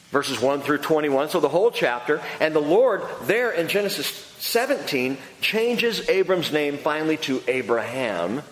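A man preaching a sermon, telling the story with animated delivery and acting out voices. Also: fairly high pitch, slight background noise. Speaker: pastor. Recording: echoey hall reverb.

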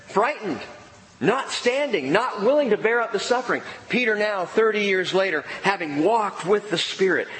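Emphatic man preaching in a reverberant hall. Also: a bit bright. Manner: emphatic preaching, dropping low for key words. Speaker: pastor. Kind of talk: sermon.

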